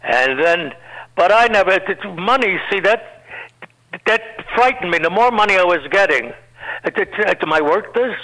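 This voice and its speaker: An older man, a veteran comedian, tells stories in a high, bright voice. He rambles from one anecdote to the next and slips into quick put-on voices for the people in them. It sounds like a radio broadcast. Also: expressive, rough recording. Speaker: guest comedian. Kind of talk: storytelling interview.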